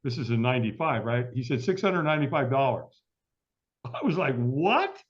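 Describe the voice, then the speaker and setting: A man's voice: medium pitch, big pitch swings, normal speed. A middle-aged man telling a long story as an interview guest, acting out the voices of the people in it. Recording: dull lo-fi audio.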